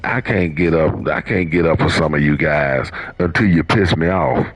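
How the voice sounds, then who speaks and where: A man's voice: rumbling low, moderate pace, husky. A male video game streamer trash-talking rivals in game chat, boastful and teasing, repeating himself.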